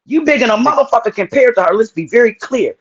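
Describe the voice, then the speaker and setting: An angry woman speaking, hammering a man with pointed questions on a live stream. Her voice is husky and a little breathy. The audio sounds muffled and lo-fi. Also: on the high side, lively intonation, fast. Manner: angry, confrontational, profane. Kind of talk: heated live-stream confrontation.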